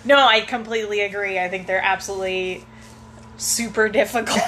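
A woman with a bright, forceful voice chatting casually, agreeing and laughing along. She swears easily. A faint layer of ambience runs underneath. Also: mid-range voice, moderate pace, a little hiss or hum. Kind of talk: casual chat.

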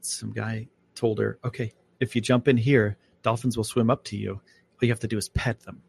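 A man's voice: lowish voice, little pitch movement, moderate pace, creaky, breathy edge. A man hosting a live podcast, chatting casually and rambling about space and his plans. He comes from upstate New York. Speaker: podcast host. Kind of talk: casual live-stream chat. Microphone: microphone at home.

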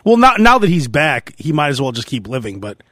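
Chatty laughing podcast host. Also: male voice, fairly high pitch, sing-song, brisk, fairly bright tone. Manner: chatty, laughs often, loose rambling delivery. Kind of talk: casual chat.

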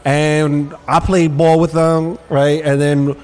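Male podcast host with a slightly raised pitch; candid, rambling storyteller with frequent restarts. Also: level tone, slow, darkish tone. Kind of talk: casual chat.

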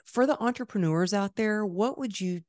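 A woman podcast host telling a story in a conversational interview, lively and acting out the voices she quotes. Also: mid-range voice, normal speed, no room sound, clean studio sound.

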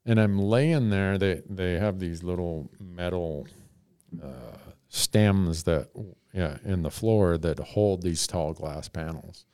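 A man with a very low, smooth and resonant voice spins a rambling story on a podcast, chuckling at himself as he goes. The sound is close and dry. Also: slow, a little mellow, no room sound. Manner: rambling, self-mocking, chuckles often. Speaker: podcast host telling a story. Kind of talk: casual storytelling.

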